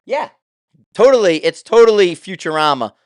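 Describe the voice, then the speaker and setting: A man's voice: sits high, animated, moderate pace, no room sound, studio quality. An older man hosting his own show, talking in a casual, rambling way with loose, profane asides. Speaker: show host.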